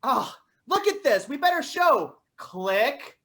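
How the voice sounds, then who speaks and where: A young woman improv performer playing an excitable dog owner at a park, animated and prone to shouting. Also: sits high, slow pace, full character voice.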